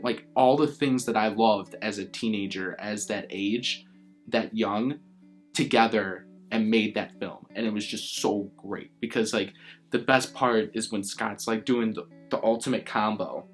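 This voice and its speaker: This is a young man in a casual interview, his voice sitting low. He rambles with eager enthusiasm, stringing thoughts together with constant fillers. Faint guitar plays in the background. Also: fairly even intonation, moderate pace. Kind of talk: casual chat about a favorite film.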